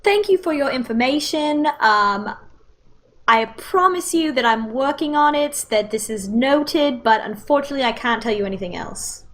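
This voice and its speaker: Woman doing a measured guy teacher, wobbly fake british accent, kinda high. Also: animated, a bit bright. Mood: calm. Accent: put-on British, inconsistent. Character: calm male teacher, measured and evasive.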